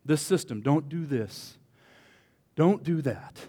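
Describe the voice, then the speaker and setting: Animated male pastor in a reverberant hall. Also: fairly high pitch, slow pace. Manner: animated, joking, swings from quiet to loud. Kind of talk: sermon. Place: church hall.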